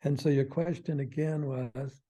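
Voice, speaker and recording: A man's voice: mid-range voice, fairly even intonation, unhurried, mellow. An older man, a guest expert on a podcast, explaining in a folksy way and acting out little quoted phrases with chuckles.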